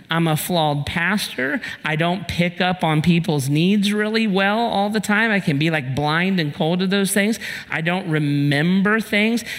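Guy pastor telling a funny story in his sermon, high voice, echoey church. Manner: animated storyteller, shouts in punchlines. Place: church sanctuary.

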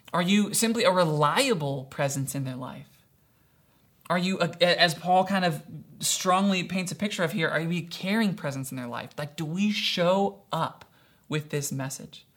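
Young male pastor, bright voice, casual sermon delivery with many "right"s and "kinda"s. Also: high voice. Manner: acts out quoted voices in storytelling.

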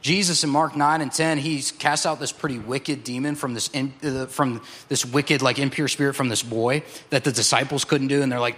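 A male pastor preaching a passionate sermon, slowing down to drive points home. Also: mid-range voice, fairly bright tone. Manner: passionate, slows down for emphasis.

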